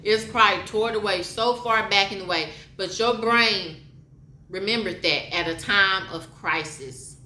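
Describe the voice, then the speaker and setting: A woman talks in a slow, unhurried way, with a bright and forceful tone. She gives a candid, repetitive pep talk and mixes in spoken poetry. Her voice echoes around a roomy space. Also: mid-range voice, a little hiss or hum. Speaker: motivational vlogger. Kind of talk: frank personal monologue with spoken poetry. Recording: roomy echo.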